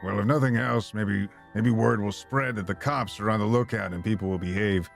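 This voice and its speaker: Deep-voiced guy chatting through a game, thinking out loud, soft music behind. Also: steady tone, a little fast, gravelly. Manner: thinking aloud, planning. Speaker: host. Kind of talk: casual let's-play chat.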